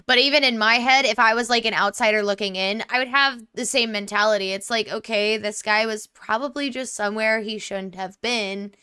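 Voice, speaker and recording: A woman's voice: fairly high pitch, fairly quick, few pauses, sharp tone, clear, resonant tone, dry recording, studio quality. A young woman playing a story game, reading its messages aloud and chatting between them in a talkative way full of "like" fillers. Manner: chatty, many 'like' fillers, empathetic. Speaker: gaming YouTuber. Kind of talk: let's play commentary, reading game texts aloud.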